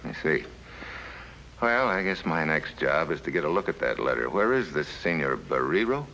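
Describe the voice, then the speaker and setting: An actor playing a tough, wry American agent who talks bluntly, on a muffled, hissy old soundtrack. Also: male voice, rumbling low, big pitch swings, moderate pace, bright, forceful tone, exaggerated voice. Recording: dull, faintly noisy old TV sound.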